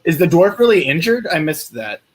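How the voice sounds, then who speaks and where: A man's voice: fairly high pitch, very animated, normal speed, low-quality recording. A man playing a tabletop game, casual and a bit distracted, with fillers. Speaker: player.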